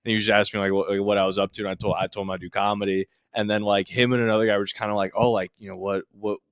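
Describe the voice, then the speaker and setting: A young man on a podcast telling a rambling story, with many fillers and quick impressions of other people. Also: fairly low pitch, flat delivery, dry recording, studio quality. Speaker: podcast co-host. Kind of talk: casual storytelling chat.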